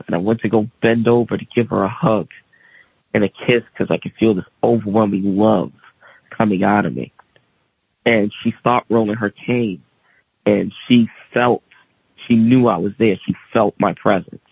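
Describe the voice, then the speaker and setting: A man's voice: lowish voice, fairly even intonation, moderate pace, vocal fry, slightly rough, no room sound. A young man, a guest on the show, earnestly telling a personal story and voicing the dialogue of the people in it. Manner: earnest, vivid retelling with quoted dialogue. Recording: tinny dry phone-line sound.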